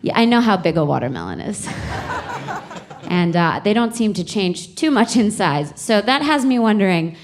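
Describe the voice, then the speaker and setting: A young woman doing a stand-up set on a comedy club stage with a handheld mic, talking in a conversational, profane way and building up to shouted punchlines. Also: medium pitch, big pitch swings, moderate pace, noisy background. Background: audience laughter.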